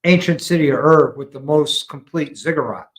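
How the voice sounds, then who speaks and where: A man with an American accent, a veteran guest telling a long story in a calm, explanatory way with frequent ums. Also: on the high side, normal speed, low-quality recording. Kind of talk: casual storytelling conversation.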